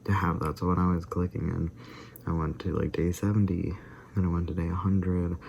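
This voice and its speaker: Low gravelly young man, chatty vlog. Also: dark tone, slight background noise. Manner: chatty, laughs often, drops into whispered asides. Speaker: vlogger doing a daily challenge. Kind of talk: casual rambling chat.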